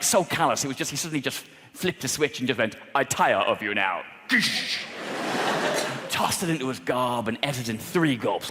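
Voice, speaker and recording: Animated man telling a stand-up story. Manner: animated storytelling with sudden jumps in pitch and volume. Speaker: stand-up comedian. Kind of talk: stand-up comedy set. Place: large theatre stage before a live audience. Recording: roomy, noisy theatre recording with long reverb.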